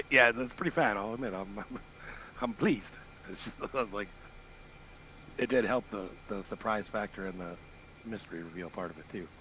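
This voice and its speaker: Bright-voiced, laughing male player. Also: lowish voice, normal speed, a little hiss or hum, low-quality recording. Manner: laughs often, upbeat. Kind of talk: casual tabletop play and chat.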